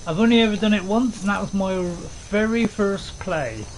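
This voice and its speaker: A man with a high-pitched voice streams a game at a normal pace, chatting in an easygoing manner that drifts and restarts mid-thought. Cricket and insect sounds run throughout the rough-sounding recording.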